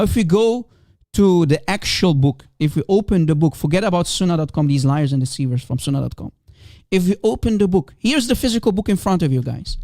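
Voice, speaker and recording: A man's voice: high voice, darkish tone, dry recording. Mocking man, Arabic native speaker, dry close mic. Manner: mocking, scornful, laughing at his opponent; emphatic, repeats points to drive them home. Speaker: religious debater streaming commentary. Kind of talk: livestream commentary.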